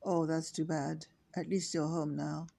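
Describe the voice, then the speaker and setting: A woman's voice: deep voice, flat delivery, a little slow, gravelly, mellow, slightly rough, full character voice. An older woman voicing a worried, soothing mother in a story she reads aloud. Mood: concerned.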